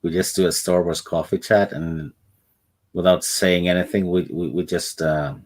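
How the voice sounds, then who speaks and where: A man from Norway co-hosting a casual chat, speaking haltingly with dry, deadpan humor. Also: low voice. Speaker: co-host.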